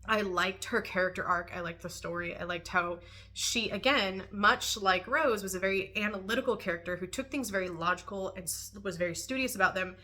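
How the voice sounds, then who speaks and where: Bright-voiced chatty woman reviewing books. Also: medium pitch, brisk. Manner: chatty, animated, laughs often, many "um" and "like". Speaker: book reviewer. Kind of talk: casual book review vlog.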